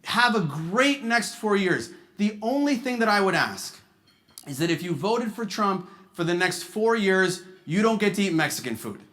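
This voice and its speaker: Man doing stand-up at a charity gala, high-pitched and punchy, animated storytelling. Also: moderate pace. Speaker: stand-up comedian. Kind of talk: stand-up comedy.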